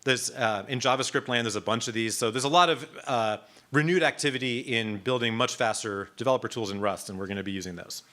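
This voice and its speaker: Bright-voiced man teaching a workshop. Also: medium pitch, fast talker. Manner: casual, lots of ums and restarts. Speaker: instructor. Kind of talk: live technical workshop talk. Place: conference room.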